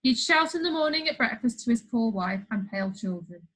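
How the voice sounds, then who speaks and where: Lively woman reading a children's story. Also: a little high, a little fast, rough recording. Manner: lively, playful storytelling with asides. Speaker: storybook reader.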